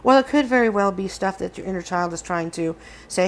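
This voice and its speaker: A woman's voice: medium pitch, brisk. A woman hosting a casual collective tarot reading, speaking earnestly and encouragingly to her viewers. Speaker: tarot reader.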